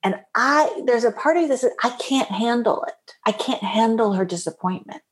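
High lively woman coach, lots of ups and downs in her voice, asks probing questions. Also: normal speed. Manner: animated, playfully acts out the client's inner voice. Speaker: life coach. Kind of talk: coaching session.

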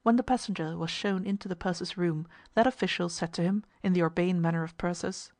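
A woman narrating a story in an even, measured reading. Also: lowish voice, no echo, clean studio sound.

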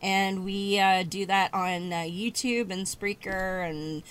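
A woman guest on a casual podcast chat, talking haltingly and laughing often. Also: medium pitch, fairly even intonation, fairly bright tone, clear, resonant tone.

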